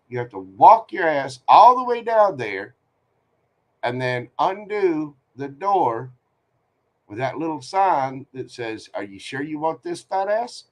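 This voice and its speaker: A man hosting a live tarot reading stream, giving candid, joking, rambling advice. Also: on the high side. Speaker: tarot reader host.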